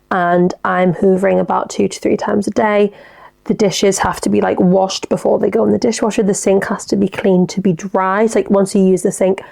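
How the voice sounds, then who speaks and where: A woman's voice: medium pitch, vocal fry. A young woman hosting a casual solo podcast, talking frankly and swearing freely as she reads out listener dilemmas. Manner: chatty, frank, sweary, animated. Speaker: podcast host.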